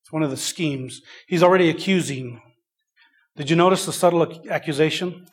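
A man's voice: fairly high pitch, brisk. A man preaching a sermon, reading scripture aloud and speaking emphatically, often repeating himself and restarting sentences. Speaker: pastor.

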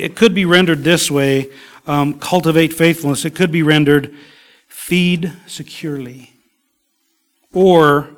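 Male pastor, fairly high voice, slow, emphatic sermon delivery. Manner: slow, emphatic preaching, dropping to soft whispers.

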